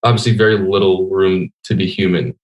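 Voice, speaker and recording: Earnest young man, low voice. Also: level tone, fairly quick, low-quality recording. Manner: earnest, reflective, stumbles at the start of sentences. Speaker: guest. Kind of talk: casual video-call conversation.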